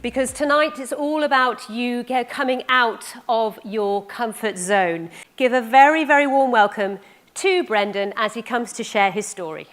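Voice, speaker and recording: A woman's voice: fairly high pitch, normal speed, a bit bright. A woman hosting an event, introducing speakers and asking questions in an upbeat presenter's manner. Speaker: event host.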